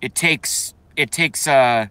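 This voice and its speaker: A man's voice: medium pitch, slow, pushed and bright, clean tone, no echo. A man hosting a casual livestream, reading viewer comments and ranting bluntly with profanity, congested and coughing now and then. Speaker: livestream host.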